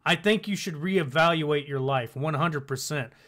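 A man's voice: a little high, normal speed, fairly bright tone. A man hosting a casual commentary video, rambling, swearing and often restarting his sentences. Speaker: commentary channel host.

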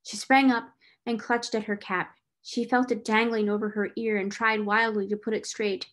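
A woman reading a classic novel aloud in a clear, expressive storytelling manner. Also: mid-range voice, moderate pace. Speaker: reader.

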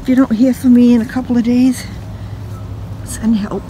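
An older woman talks her way along a wooded trail in a mellow, unhurried voice, chatty and poking fun at herself. She is a little out of breath from the climb. A faint hiss of outdoor noise sits behind her phone recording. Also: a little high, flat delivery. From New England, USA. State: out of breath from hiking. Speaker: vlogger. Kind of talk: casual walking vlog narration.

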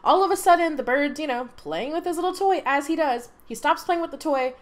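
A woman hosting a let's play, talking in an animated, emotional way and laughing often. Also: sits high, brisk. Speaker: gaming channel host.

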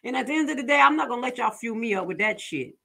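A young woman with a bright, forceful voice gives casual commentary. She talks bluntly and with plenty of swearing. She tells her stories with animated energy. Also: a little high, rapid-fire, vocal fry. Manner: blunt, profane and animated storytelling. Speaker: reaction video host.

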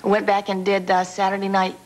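A woman from Alabama, a guest on a talk show, answering in a shy, hesitant and gently witty way. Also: mid-range voice, monotone, fast, rough recording. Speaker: actress guest. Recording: old TV broadcast with faint hiss.

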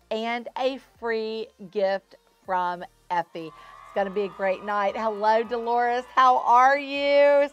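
A woman's voice: on the high side, a bit bright, clear, resonant tone, no room sound. Chatty woman hosting a live shopping show. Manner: chatty, greets viewers by name, upbeat sales patter. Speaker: home shopping host.

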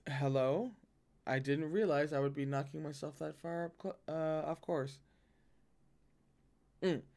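Man reading a novel aloud, fairly high voice. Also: a little slow, gravelly, a little mellow. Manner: dramatic, swearing reactions between passages. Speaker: audiobook reader and reactor.

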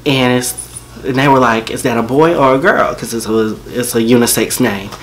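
A man's voice: medium pitch, fairly even intonation, moderate pace, a little hiss or hum. A man telling a personal story to camera in a casual, slangy, joking way.

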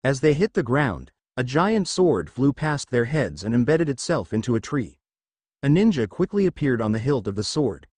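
A man's voice: medium pitch, big pitch swings, normal speed, a little mellow, no echo, clean studio sound. A man narrating a fan-fiction story aloud, reading every note literally.

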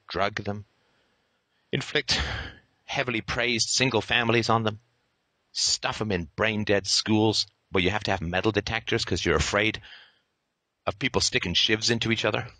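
A man's voice: on the low side, fairly even intonation, normal speed, bright, forceful tone, no room sound. A male podcast host giving an impassioned, sarcastic monologue peppered with profanity and theatrical asides.

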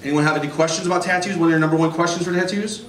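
Deadpan stand-up man in a noisy club. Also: fairly high pitch, very fast. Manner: deadpan storytelling, voicing customers. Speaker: stand-up comedian. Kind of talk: stand-up comedy set. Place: comedy club stage. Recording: roomy, distant, noisy club recording. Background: audience laughter.

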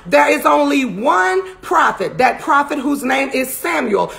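A woman preacher delivers an online sermon in a high, very gravelly voice. She hammers her points home by repeating phrases and often climbs into shouts. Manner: emphatic, repetitive preaching with shouted peaks.

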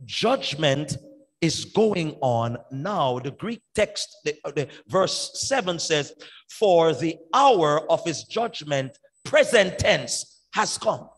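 A male pastor preaching an evangelistic sermon, driving each point home with loud emphatic peaks and dropping to quiet asides. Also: on the high side, big pitch swings, takes it slowly, husky. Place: large church sanctuary. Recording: long church hall reverb.

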